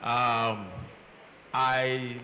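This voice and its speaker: A man with a Nigerian accent speaking on a panel, telling stories with animated exchanges. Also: mid-range voice, very slow, slight background noise. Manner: animated storytelling, acts out exchanges. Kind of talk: panel talk. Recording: long hall reverb, faint ambience.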